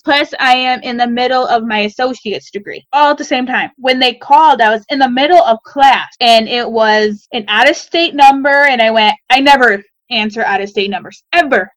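A woman telling an emotional personal story, acting out the dialogue with sudden leaps in pitch. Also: fairly bright tone, no room sound. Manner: acts out quoted dialogue with sudden jumps in pitch.

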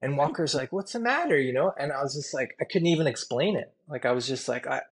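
A man's voice: medium pitch, fast talker, breathy edge. A man, a tattoo artist guest, telling candid stories in a rambling, earnest way, full of "you know" and "like.". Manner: rambling, filler-heavy, earnest and emotional. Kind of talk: candid storytelling interview.

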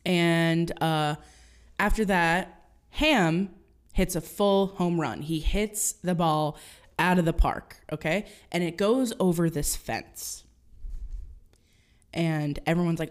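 A woman's voice: lowish voice, takes it slowly. A young woman co-hosting a podcast in casual chat, retelling stories and acting out quotes in silly voices. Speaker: podcast co-host.

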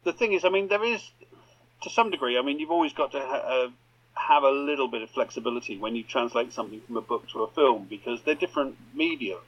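Podcast co-host guy, muffled lo-fi sound, relaxed chatty tone. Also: mid-range voice, fast. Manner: conversational, reflective asides. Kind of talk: casual chat. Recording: dull lo-fi sound.

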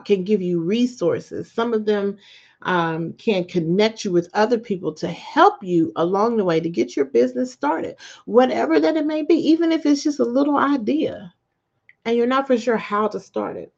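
A woman hosting her podcast in a casual motivational chat, telling stories in an animated way and often laughing, her voice jumping high when she quotes herself. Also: moderate pace, gravelly, dull audio. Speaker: podcast host.

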